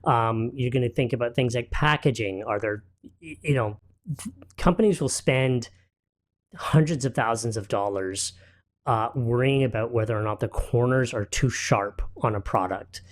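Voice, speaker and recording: A man appearing as an entrepreneur guest on a talk show, relaxed and storytelling, with frequent fillers. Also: mid-range voice, normal speed. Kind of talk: casual studio interview.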